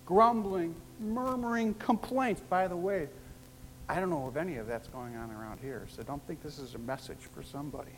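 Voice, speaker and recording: A pastor preaching a sermon, emphatic and repetitive, with wide swings in pitch and loudness. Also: normal speed. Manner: emphatic, repeats key phrases, big swings in pitch and loudness. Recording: long hall reverb with faint noise.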